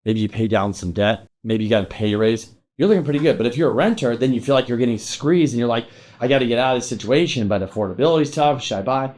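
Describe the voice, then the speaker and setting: A man's voice: mid-range voice, animated, fast, hardly any pauses, darkish tone. A middle-aged man hosting a real estate finance show, ranting emphatically about the market with casual swearing. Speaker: real estate loan officer and show host. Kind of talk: energetic market commentary to camera.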